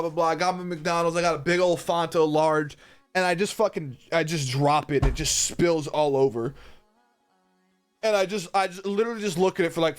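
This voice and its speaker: Brief: young male streamer, high voice, swears constantly, rambles and cracks up, faint music behind. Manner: profane, rambling, laughs a lot. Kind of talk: casual storytelling on a live stream.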